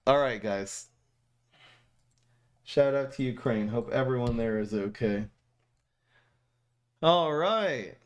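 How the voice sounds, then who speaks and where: A young man streaming and casually reviewing viewer messages, talking in a chatty, animated way with frequent laughs and restarts. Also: medium pitch.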